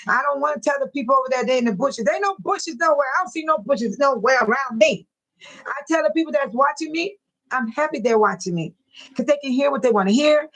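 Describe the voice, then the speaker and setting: An older woman hosting a casual livestream from home, talking straight to her viewers in chat, emotional and quick to bless and pray. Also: high voice, fairly bright tone, low-quality recording. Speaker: livestream host.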